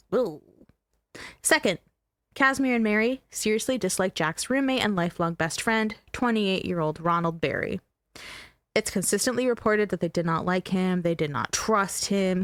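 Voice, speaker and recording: A woman's voice: fairly low pitch, normal speed, a bit bright, no echo. Woman, podcast host, casual true-crime storytelling, joking and emphatic, dry close sound.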